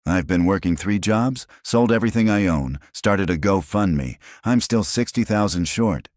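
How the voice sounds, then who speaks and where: A man's voice: low-pitched, expressive, normal speed, a little mellow, no echo, studio quality, voice pushed up. A man voicing a desperate, heartbroken young mother who cries out in anguish, in a storytelling narration. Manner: tearful, raises her voice in anguish.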